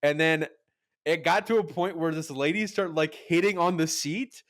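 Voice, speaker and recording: Rambling young man, fairly high voice. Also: normal speed, a bit bright. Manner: rambling storyteller, heavy filler "like", swears, acts out quotes. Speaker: podcast co-host. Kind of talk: casual chat.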